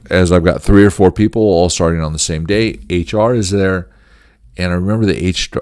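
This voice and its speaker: A middle-aged man with a deep, low voice tells a workplace story as a management lesson. He speaks earnestly and stresses his points. The recording is dry and close, with almost no room sound. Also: a little mellow, no room sound. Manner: earnest, emphatic storytelling with short laughs. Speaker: channel host teaching management.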